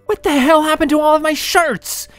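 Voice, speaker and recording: Frantic yelling hero, pitched up and loud, put on by a male storyteller. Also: expressive, fairly quick, soft background music. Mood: furious. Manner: yelling, panicked outbursts. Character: frantic furious young hero, shouting. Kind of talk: story reading with acted voices.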